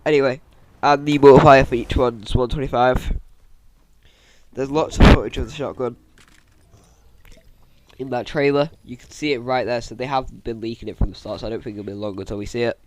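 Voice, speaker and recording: A man, chatting casually through game news as a YouTuber, with jokey asides and a fairly monotone delivery. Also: medium pitch. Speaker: gaming YouTuber. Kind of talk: casual game-news commentary over gameplay.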